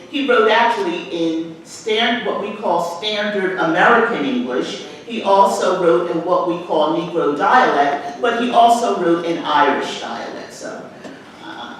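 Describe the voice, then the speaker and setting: A woman who is a professor and storyteller, telling childhood memories in an animated way and laughing between them. She is recorded from far off in an echoey hall at a live event. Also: lowish voice, a little hiss or hum. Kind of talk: storytelling talk. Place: arts venue, live discussion.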